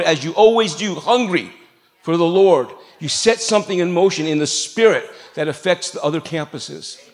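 A man's voice: sits high, fairly bright tone. Man preaching a casual, jokey sermon. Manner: conversational, jokey preaching with asides to the congregation. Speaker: pastor. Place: church sanctuary.

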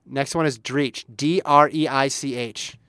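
A man's voice: mid-range voice, fairly even intonation, unhurried, pushed and bright, smooth, no echo, studio quality. A man co-hosting a casual sports talk show, playfully quizzing his co-host. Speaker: podcast co-host. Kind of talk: casual chat.

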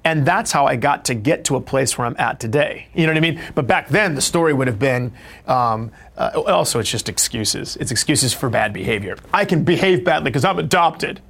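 A man's voice: mid-range voice, a little fast, creaky. A middle-aged actor giving a reflective interview, telling stories with energy and acting out the people he quotes. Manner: animated storyteller, acts out quotes. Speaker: actor and guest.

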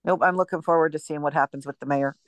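A woman's voice: low voice, fairly even intonation, quick pace, no echo, clean studio sound. A woman guesting on a podcast in casual, chatty talk.

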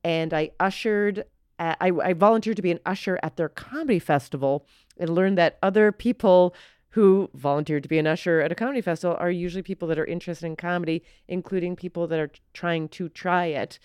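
A woman comedian chatting as a guest, animated and quick to act out quoted voices. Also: on the low side, clear, resonant tone, no room sound, clean studio sound. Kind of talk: casual chat.

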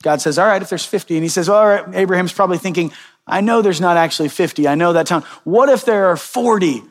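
A male pastor preaching a sermon, reading scripture and retelling it in a conversational way with lively quoted voices. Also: high-pitched, quick pace, in a large hall.

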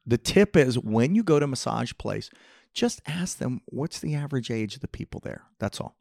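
A man in his fifties, a schoolteacher co-hosting a casual comedy podcast, telling stories with lively acted-out quotes. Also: mid-range voice, moderate pace, gravelly, dry recording, studio quality. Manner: animated storyteller, acts out quoted voices. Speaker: podcast co-host.

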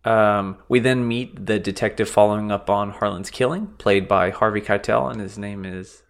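Low-voiced man, blunt and sweary. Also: fairly even intonation, moderate pace. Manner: blunt, swears freely, self-correcting. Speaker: podcast co-host. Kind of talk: casual movie discussion.

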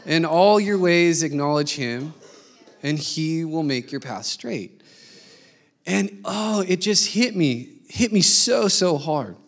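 High-voiced man telling a story in a sermon. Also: slow pace. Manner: animated storytelling, acting out quoted voices. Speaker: pastor.

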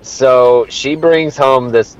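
A man's voice: mid-range voice, takes it slowly, smooth, lo-fi sound. Profane storytelling man on a podcast. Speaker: podcast co-host. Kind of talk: casual crude podcast banter.

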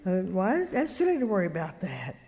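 A woman's voice: mid-range voice, huge pitch swings, fairly quick, dark tone. An older woman giving a folksy sermon, telling stories and acting out both sides of conversations with earnest emphasis. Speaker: speaker at a religious meeting. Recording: long reverb of a hall.

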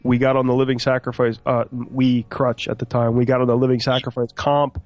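A man's voice: mid-range voice, flat delivery, brisk, a little mellow, no room sound, soft background music. A man in his forties hosting a casual conversation, telling old band stories in an easygoing, joking way.

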